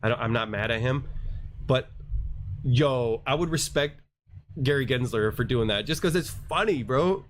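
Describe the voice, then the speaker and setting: A man's voice: medium pitch, normal speed, a little hiss or hum. A man hosting a crypto livestream, ranting casually in a rambling, slangy, self-mocking way.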